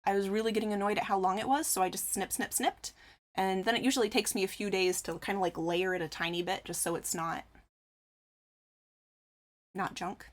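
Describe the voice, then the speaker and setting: A woman's voice: medium pitch, steady tone, a little fast, pauses often. A woman chatting casually on a live crochet stream, reading out viewer messages and answering them with frequent laughs. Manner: chatty, reads chat aloud and answers, laughs often.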